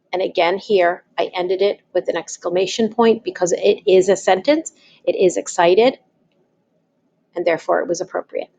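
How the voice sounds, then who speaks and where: A woman's voice: on the low side, creaky, darkish tone. A woman teaching, talking patiently and spelling things out step by step. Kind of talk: slow, deliberate classroom explanation.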